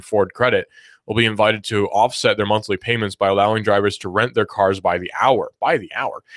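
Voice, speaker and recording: A man's voice: lowish voice, fairly bright tone, no room sound, studio quality. A male radio host talking in a casual, rambling way, full of sarcastic asides. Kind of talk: casual radio talk segment. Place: radio studio.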